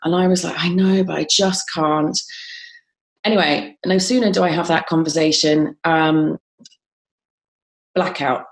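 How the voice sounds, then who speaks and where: A woman's voice: low-pitched, steady tone, measured pace, long pauses. A woman telling a personal story in an interview, with frequent ums and restarts. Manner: frequent ums and restarts, quoting others as she tells it. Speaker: guest.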